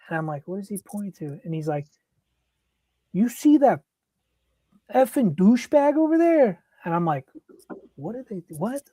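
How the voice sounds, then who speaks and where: A man's voice: fairly high pitch, dry recording. A man in his thirties co-hosting a casual sports podcast, telling stories and acting out quotes. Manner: animated storyteller, acts out quotes. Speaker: podcast co-host.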